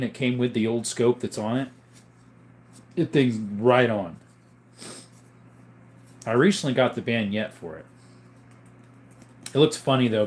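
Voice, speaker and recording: A man chats casually on his live stream. He welcomes viewers and reads their questions aloud. His answers wander easily, full of little fillers. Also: mid-range voice. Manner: relaxed, rambling explanations with fillers.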